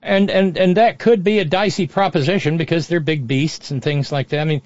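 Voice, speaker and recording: A man's voice: fairly high pitch, brisk, darkish tone, no room sound. Sardonic, rambling male commentator. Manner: sardonic, profane, rambling with restarts. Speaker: political commentator. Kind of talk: off-the-cuff commentary. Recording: dull, dry lo-fi audio.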